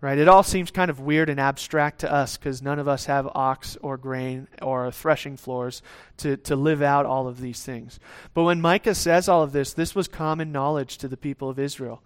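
A man's voice: mid-range voice, steady tone, moderate pace, few pauses, clean tone. A man preaching a sermon casually, often checking in with the listeners and acting out little exchanges with God. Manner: conversational preaching, acts out God's lines; tag questions, some restarts. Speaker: pastor.

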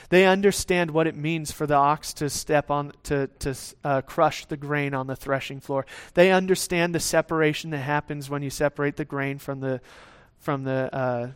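A man delivers a sermon in a relaxed, conversational manner and voices small imagined dialogues. His voice sits fairly high for a man. He often tosses in quick checks with the listeners. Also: clear, resonant tone. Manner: conversational preaching, acts out God's lines; tag questions, some restarts. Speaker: pastor.

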